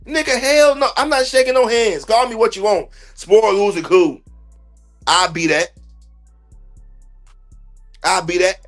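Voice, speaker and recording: A man's voice: high-pitched, steady tone, a little slow, pauses often, faint music behind. A man hosting a sports podcast livestream, ranting bluntly and profanely in heavy slang. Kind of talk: heated livestream sports rant.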